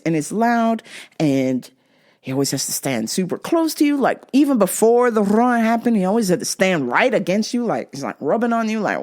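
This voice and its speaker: A woman podcast host telling a story in a casual, profane, animated way. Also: mid-range voice, normal speed. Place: in London.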